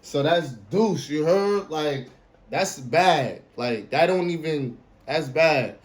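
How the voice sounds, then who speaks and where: Hyped young man, slangy podcast host. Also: takes it slowly. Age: 20s. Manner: slangy, animated, swings between hyped and low drawl. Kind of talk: casual solo podcast chat.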